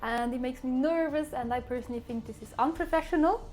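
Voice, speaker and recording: A woman's voice: high voice, fast, darkish tone, soft background music. A woman from Switzerland, chatting casually and rambling to her live-stream viewers, often laughing at herself.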